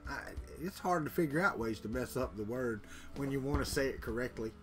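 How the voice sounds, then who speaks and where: Bright-voiced man chatting live. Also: medium pitch, expressive, a little fast, soft background music. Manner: chatty, reads viewer comments aloud, jokes. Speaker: livestream host. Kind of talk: casual live chat with viewers.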